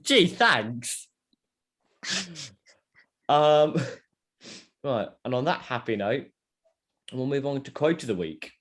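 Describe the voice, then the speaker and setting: A man's voice: mid-range voice, slow, pauses often. Young guy hosting a podcast, joking around, voice bouncing up and down a lot. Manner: joking, teasing, animated. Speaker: podcast host. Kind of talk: casual chat.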